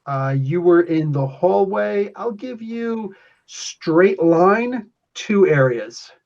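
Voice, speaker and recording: A man's voice: sits high, animated, slow, gravelly, darkish tone. A man acting as game master, describing the action in a casual, rambling way with restarts. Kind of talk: running a tabletop game session. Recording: lo-fi podcast audio.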